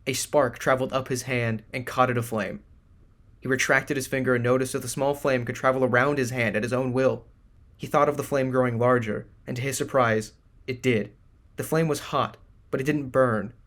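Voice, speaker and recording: A man narrating a fantasy audiobook in a measured, even reading. His voice sits at an ordinary, middle pitch.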